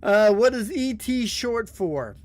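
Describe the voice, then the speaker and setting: Giggly man reading corny jokes, lively voice. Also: takes it slowly. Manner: reads corny jokes aloud and laughs hard at them; giggly, breaks into high tearful laughter. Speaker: game streamer. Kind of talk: casual live-stream chat.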